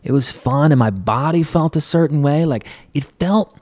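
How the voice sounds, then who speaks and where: A man's voice: fairly high pitch, moderate pace, darkish tone, no echo. A man hosting a podcast, rambling through a crude, profane comedic monologue while seated on a stool at a counter, laughing often. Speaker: podcast host.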